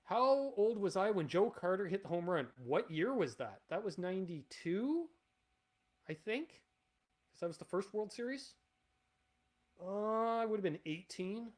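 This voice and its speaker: A man's voice: high-pitched, animated, unhurried. A man in his forties hosting a casual livestream Q&A, rambling and blunt and swearing freely. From Canada. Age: 40s. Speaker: channel host.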